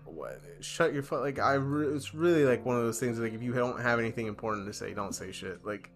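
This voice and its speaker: Soft music plays behind this young podcast co-host, whose mid-range voice moves briskly as he chats casually. He rambles, swears and uses plenty of fillers, and plays out quoted mini-dialogues through lively impressions.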